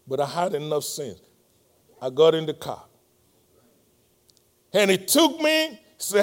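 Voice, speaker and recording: A middle-aged man with a Nigerian accent preaches to his church. His voice sits high for a man and swings widely, bursting into loud emphatic lines, then sinking to soft, near-quiet storytelling. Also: wildly swooping pitch, takes it slowly, pauses often. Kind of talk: sermon.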